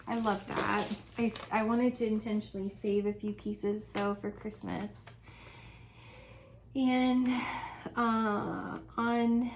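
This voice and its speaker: A woman's voice: mid-range voice, a little hiss or hum, rough recording. Chatty woman rambling at home. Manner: chatty, rambling, laughs often. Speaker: vlogger. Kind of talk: casual chat.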